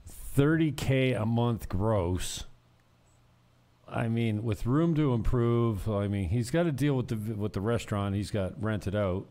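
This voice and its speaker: A man's voice: medium pitch, dark tone. A man hosting a casual chat, laid-back, swearing now and then and trailing off mid-sentence.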